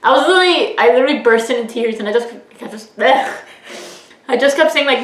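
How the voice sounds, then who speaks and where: A woman hosting a reaction video, talking in a halting, emotional way with many fillers. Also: on the high side, a bit bright, roomy sound, rough recording. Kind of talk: casual emotional chat.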